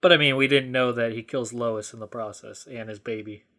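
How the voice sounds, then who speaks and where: A man co-hosts a fan podcast, chiming in with agreeable comments in an easygoing way. His pitch stays at an average, unremarkable level. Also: fairly even intonation, a little fast, pushed and bright. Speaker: podcast co-host. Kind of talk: casual chat.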